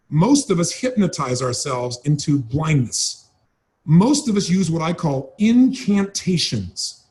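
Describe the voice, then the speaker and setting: A man's voice: a little high, a little mellow. A man giving a motivational seminar talk, speaking emphatically and dramatically, repeating phrases for effect. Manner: dramatic, acts out voices of people he describes.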